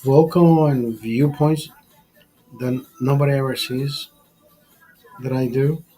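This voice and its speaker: A man's voice: medium pitch, takes it slowly, mellow, soft background music, poor audio. A man hosting a casual drinking livestream, tipsy, talking in a rambling, profane way and restarting his words. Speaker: livestream host.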